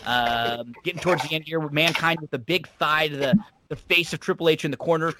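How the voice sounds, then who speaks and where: A man's voice: on the high side, steady tone, a little fast, heavy background noise. A man casually recapping an old wrestling show on a podcast, chatty and rambling with fillers.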